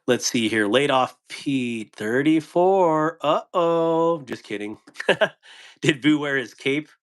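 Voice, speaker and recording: A man's voice: fairly high pitch, animated, takes it slowly, clear, resonant tone. A man hosting a casual live stream about knives, rambling, chuckling often and answering viewers' chat. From United States. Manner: laughing, rambling, reading chat. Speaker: knife channel host on a live stream.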